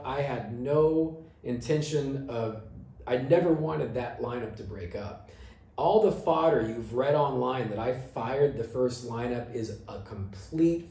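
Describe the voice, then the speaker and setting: A man's voice: mid-range voice, warm tone, echoey room, a little hiss or hum. A middle-aged man telling the story of his band in a casual monologue, swearing and acting out his own angry reactions.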